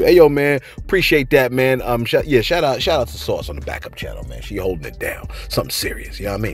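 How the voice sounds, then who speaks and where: A lively man chats through celebrity news and viewer shout-outs in a loose, casual way. His pitch leaps from low mumbles up to high, incredulous exclamations, and he keeps dropping in "man" and "you know what I mean". Faint music plays behind him. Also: fast talker, hardly any pauses, breathy edge. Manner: fillers and repeated phrases like 'you know what I mean' and 'man'. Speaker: celebrity news channel host.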